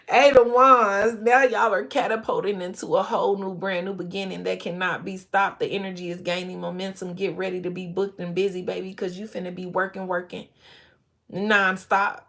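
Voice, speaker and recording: A woman's voice: lowish voice, little pitch movement, a little fast, vocal fry, fairly bright tone. A woman reading tarot cards for her viewers, emotional and effusive, now and then breaking into gospel song. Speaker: tarot reader.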